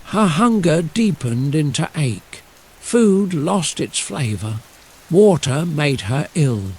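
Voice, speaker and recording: A man narrating a bedtime fairy tale in a slow, soothing, lyrical way. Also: on the high side, low-quality recording. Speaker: storyteller. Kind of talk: scripted bedtime story narration. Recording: steady rain sounds behind. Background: rain.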